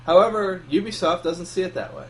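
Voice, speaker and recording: Man co-host, higher pitch, dry teasing delivery. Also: expressive, a little fast, low-quality recording. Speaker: podcast co-host. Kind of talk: casual chat.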